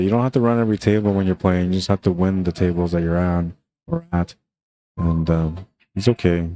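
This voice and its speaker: A man with a low, dark, mellow voice calls a pool match in a relaxed, chatty way. He talks casually to viewers, tossing in "man" and easy asides between shots. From Canada. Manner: laid-back, chatty, says "man" often. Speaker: pool commentator. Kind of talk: casual live commentary.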